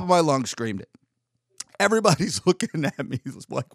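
Hosting a podcast, a man rambles through a long personal story, correcting himself along the way and swearing when he retells events. His voice is a little high and fairly bright, with big pitch swings, some creak, and a moderate pace, recorded with studio quality and no room sound.

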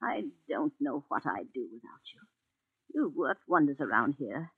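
In a tinny 1940s radio broadcast, an actress plays a frail, elderly invalid woman in a wheelchair, heavily acted with a quavering, fretful, easily startled manner and a fond mood. Her voice is deep and husky with big pitch swings at normal speed, and the recording is dry.

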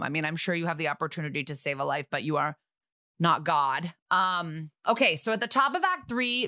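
A woman co-hosting a podcast, recapping a TV episode in casual chat with sarcastic, quick asides. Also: fairly low pitch, bright, forceful tone, no echo, studio quality.

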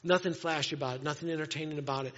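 A man preaching a sermon in a conversational way, moving between playful asides and hushed, earnest moments. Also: on the high side, fairly even intonation, very fast, big-room sound, highs cut off. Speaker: pastor. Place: church sanctuary.

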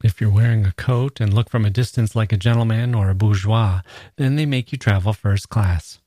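A man's voice: on the low side, moderate pace, mellow, no room sound, clean studio sound, natural voice. A man playing a sardonic, sickly ranting intellectual. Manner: ironic, declaiming. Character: sickly, sarcastic educated man, ranting and bitter.

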